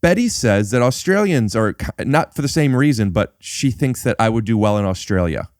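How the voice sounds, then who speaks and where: A man's voice: mid-range voice, animated, moderate pace, a little mellow, no room sound, clean studio sound. A man hosting a podcast who asks curious questions and often stops and restarts in a casual chat. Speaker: podcast host.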